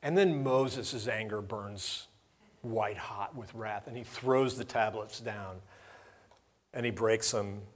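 A man's voice: lowish voice, takes it slowly. A man preaching a sermon in a conversational, storytelling way, acting out the lines of the people in his stories. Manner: conversational storytelling with acted-out dialogue. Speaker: pastor.

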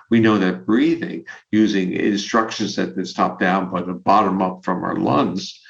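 Gravelly-voiced man explaining at length. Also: fairly low pitch. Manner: measured, explanatory, chuckles often. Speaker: podcast guest, researcher. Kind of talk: conversational explanation. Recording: dull lo-fi audio.

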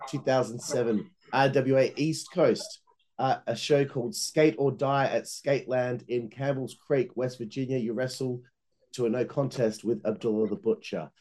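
A man's voice: medium pitch, steady tone, moderate pace, darkish tone. A man hosting an interview, reading out dates and details before prompting his guest. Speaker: interviewer, host. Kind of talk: interview questions.

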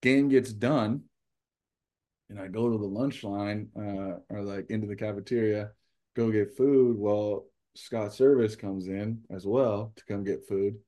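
A man, a professional baseball pitcher, talking casually as an interview guest in a rambling, animated way with lots of fillers. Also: unhurried.

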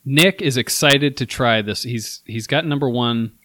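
A man's voice: medium pitch, a little slow, sharp tone, dry recording. A man co-hosting a casual podcast chat, rambling and hesitant but candid. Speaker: podcast co-host.

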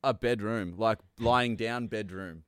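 Low smooth-voiced Australian man. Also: slow pace, no room sound, clean studio sound. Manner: laid-back and sweary, blokey banter. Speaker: podcast co-host. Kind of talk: casual podcast chat.

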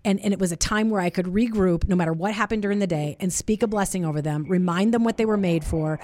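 A woman's voice: mid-range voice, fast talker, darkish tone, dry recording, studio quality. Woman hosting a faith-based interview. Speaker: show host. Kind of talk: conversational interview.

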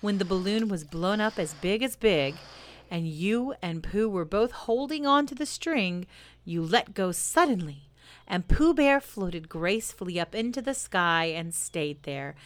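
A woman reading a children's story aloud in a soft, gentle storytelling voice, addressing the listener. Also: fairly low pitch, animated, measured pace.

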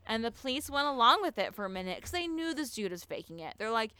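A woman hosting a podcast, talking through a true-crime story in a loose, casual way. Her voice is smooth and crisp, and she is recorded close and dry. She swears freely and acts out the people in the story. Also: a little high, sing-song, fast, hardly any pauses, sharp tone, dry recording. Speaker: podcast host.

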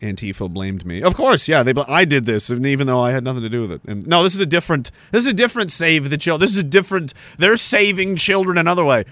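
Speaking high and sharp, the man races along with barely a pause, extremely animated as he hosts his livestream. He's Canadian, sitting in an indoor room by a woodpile, and his casual commentary is a sarcastic, profane rant broken up by laughs; the sound has no echo.

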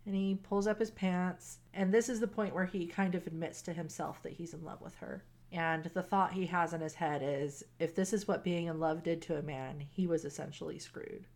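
A woman's voice: lowish voice, moderate pace, few pauses. Chatty woman retelling a story with laughs. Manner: animated retelling, quoting characters, laughs often. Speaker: podcast co-host recapping a romance novel. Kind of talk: casual chat.

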